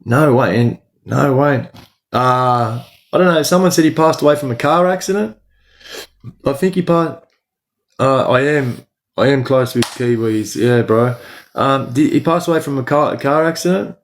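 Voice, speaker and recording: An Australian man of middle age hosts a casual livestream, reading out viewers' names and answering them. His speech is loose and slangy, peppered with "bro", at an ordinary mid pitch for a man. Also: unhurried. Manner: slangy, talks to chat by name, says "bro" a lot. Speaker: livestream host.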